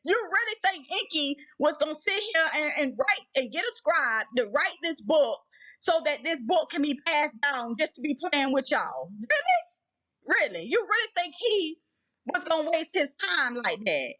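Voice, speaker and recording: A woman's voice: high-pitched, sing-song, moderate pace, sharp tone. An American woman hosting a casual vlog, speaking emphatically and preachily with many repeated rhetorical questions. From United States. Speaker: channel host. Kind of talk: casual spiritual warning vlog. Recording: slightly muffled lo-fi audio.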